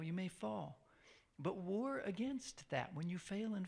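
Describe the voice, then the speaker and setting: A man's voice: high-pitched, lively intonation, measured pace, gravelly, darkish tone. A man preaching a sermon in a conversational way, asking the listeners questions and repeating phrases for emphasis.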